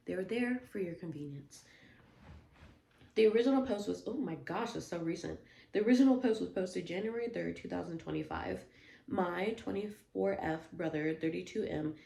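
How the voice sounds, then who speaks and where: A woman's voice: fairly low pitch, gravelly, dark tone. A woman hosting a storytime channel, reading Reddit posts aloud and breaking in with emphatic, slangy asides to viewers. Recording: roomy echo.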